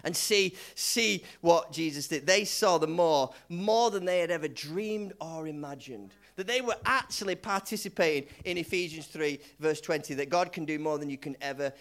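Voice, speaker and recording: A man's voice: a little high, normal speed, few pauses, a bit bright. A male pastor preaching in a loose, conversational way, repeating himself and leading the congregation in call-and-response. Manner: conversational, repetitive, lots of restarts. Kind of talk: sermon.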